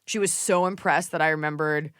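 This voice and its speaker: A woman's voice: deep voice, fairly quick, clear, resonant tone, no room sound, studio quality. A woman hosting a podcast, chatting casually and telling comic stories while mimicking people. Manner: animated storyteller, mimics people. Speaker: podcast host. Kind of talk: casual comedic chat.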